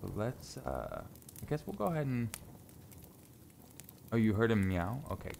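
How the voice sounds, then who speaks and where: Man, very low voice, laid-back joking streamer, casual swearing, faint room hum. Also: huge pitch swings, unhurried, vocal fry. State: stuffy from sinus trouble. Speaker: live streamer. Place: closet at home.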